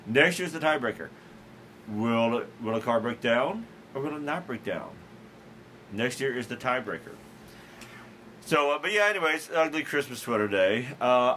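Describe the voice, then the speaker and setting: A man's voice: mid-range voice, fairly bright tone, slight background noise. A man hosting his own podcast, rambling casually in a self-amused, joking way and tripping over his words. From Southern Illinois, USA. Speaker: podcast host.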